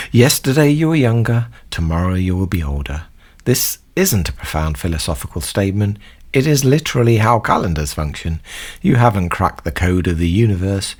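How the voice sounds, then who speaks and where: A man delivering scripted, mock-serious comedic commentary as a host. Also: low-pitched. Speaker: comedy song analysis host.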